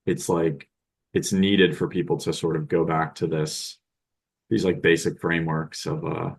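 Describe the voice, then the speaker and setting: A man's voice: sits low, little pitch movement, measured pace, creaky, slightly rough. A man talking as a podcast guest in casual conversation, hesitant and full of filler words.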